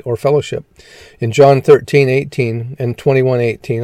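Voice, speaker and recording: A man's voice: mid-range voice, fairly even intonation, fairly quick, dark tone, dry recording. A man teaching a scripture lesson, reading verses aloud one after another and often stumbling and correcting himself. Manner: reads verses plainly, stumbling and self-correcting.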